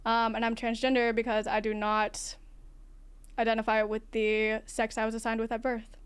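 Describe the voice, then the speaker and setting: A non-binary streamer with a feminine-sounding voice, talking frankly in a casual livestream chat, swearing now and then and laughing often. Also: female voice, on the high side, monotone, normal speed, clear, resonant tone. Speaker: livestream host.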